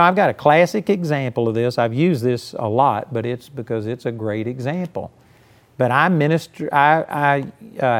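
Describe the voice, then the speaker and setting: Folksy preacher man telling stories. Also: mid-range voice. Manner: folksy, storytelling, emphatic, frequent "you know". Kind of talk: conversational sermon.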